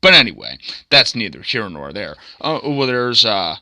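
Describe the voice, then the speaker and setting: A man's voice: lowish voice, very animated, moderate pace, sharp tone, no room sound, studio quality. A man casually narrating his own comic, crude and joking, with frequent chuckling asides. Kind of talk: casual commentary.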